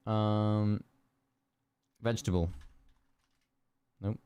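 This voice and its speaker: Young male streamer, unhurried and lowish, trying single-word guesses. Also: little pitch movement, warm tone, clean tone, no room sound. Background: keyboard clicks and typing.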